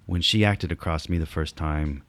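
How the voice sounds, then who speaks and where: A middle-aged man, an actor, telling stories in a casual chat, animated and swearing, acting out quotes in other voices. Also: very deep voice, normal speed.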